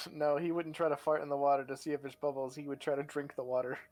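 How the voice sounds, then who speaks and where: A man playing in a casual online tabletop game, cheerful and quick to laugh. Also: a little high, little pitch movement, a little mellow, soft background music. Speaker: player. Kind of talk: casual tabletop role-play.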